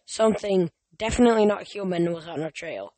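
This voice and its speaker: A man's voice: sits high, fairly quick, warm tone, no room sound. A man reading a novel aloud as an amateur audiobook, often stumbling and restarting words. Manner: reads with frequent stumbles and restarts. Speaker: reader.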